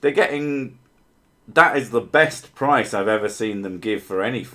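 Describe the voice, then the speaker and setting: A man's voice: fairly low pitch, expressive, moderate pace, pushed and bright. A man chatting casually on a livestream, answering viewers' comments in a rambling way, with frequent fillers, restarts and offhand swearing. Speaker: streamer answering chat.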